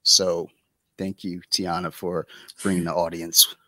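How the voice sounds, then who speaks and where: Deep-voiced man hosting a podcast. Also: little pitch movement, a little slow, sharp tone, no echo, poor audio. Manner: rambling with many fillers. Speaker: podcast host. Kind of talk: casual podcast chat.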